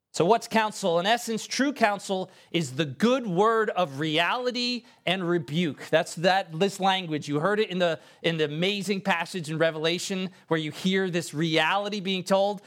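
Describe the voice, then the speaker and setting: In an emphatic, heartfelt sermon, a male pastor speaks directly and casually to the people before him. Whenever he wants to stress something, his voice rises sharply, quickening and climbing in pitch.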